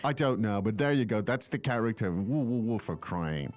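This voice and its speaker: Playful man with a lively voice. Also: on the low side, moderate pace, no echo, soft background music. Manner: joking, playful, rambling. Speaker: co-host language teacher. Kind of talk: podcast language lesson.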